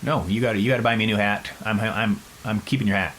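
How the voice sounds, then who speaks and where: A man voicing a brash young man in a saloon quarrel, in an excited, stammering high voice. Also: quick pace, slight background noise, close to an everyday voice. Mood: indignant.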